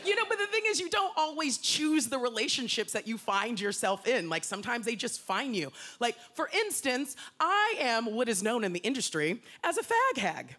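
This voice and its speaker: A woman's voice: fairly high pitch, normal speed, hardly any pauses, some chatter behind. A woman doing a playful stand-up routine on stage with a handheld mic. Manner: animated, playful, dry asides. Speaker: stand-up comedian. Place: stage before a live audience. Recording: noisy live show with audience.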